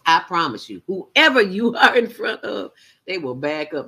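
Husky, lively woman guiding meditation. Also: fairly low pitch, moderate pace. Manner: playful, talks to herself, drops to whispers. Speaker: mindfulness teacher. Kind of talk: guided morning meditation.

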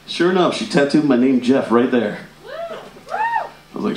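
A man's voice: medium pitch, sing-song, normal speed, pauses often. A man performing a stand-up comedy routine, chatty and laughing through his punchlines. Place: comedy club stage. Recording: echoey room with loud audience laughter.

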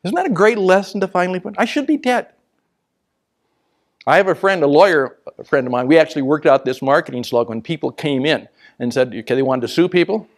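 A man giving a storytelling business talk as a motivational speaker, animated and laughing at his own stories, dropping to a hushed whisper to make a point. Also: on the high side, quick pace.

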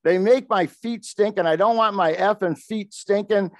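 A swearing, hotheaded teenage greaser boy in a storybook reading, his voice pushed up high and loud in a rant, as a man puts him on. The sound is close and dry. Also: lively intonation, measured pace, dry recording. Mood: furious. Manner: swearing, ranting.

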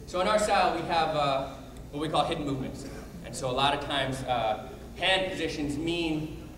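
A man teaching a martial arts class, explaining technique in a brisk coaching manner between called-out drill counts. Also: medium pitch. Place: martial arts training hall. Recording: echoey hall, distant mic, background noise.

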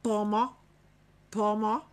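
A woman's voice: medium pitch, flat delivery, takes it slowly. An American woman in casual comedic banter, exasperated, swearing and laughing in frustration. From United States.

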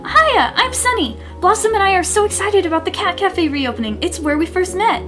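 A woman's voice: very high voice, lively intonation, brisk, over music, voice pushed up. A woman voicing a playful young woman arcade owner with a chirpy manner.

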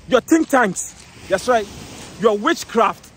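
A very high-pitched man preaches outdoors, pressing each point and repeating himself, breaking off to read scripture slowly. Faint traffic hums behind him. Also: lively intonation, a bit bright. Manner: emphatic, repeats phrases, reads scripture slowly, calls out "eh?". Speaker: street preacher. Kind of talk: street preaching sermon.

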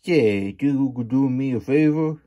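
A man voicing a fast-talking, smooth-tongued male coyote courier in a storybook reading, with wheedling, salesman-like folksy patter. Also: medium pitch, mellow, pitched above the performer's own voice, lightly acted. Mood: pleading.

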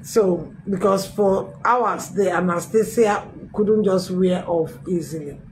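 A middle-aged woman pastor, telling her testimony in a sermon with emphatic, animated storytelling. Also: medium pitch, takes it slowly, slight background noise, rough recording. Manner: storytelling with acted quotes, emphatic swings. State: recovering from a tooth extraction.

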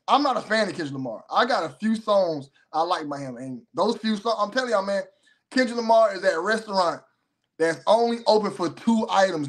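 Animated profane man with a high voice. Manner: animated, profane, rambling storytelling. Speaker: host. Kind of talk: casual commentary and storytelling.

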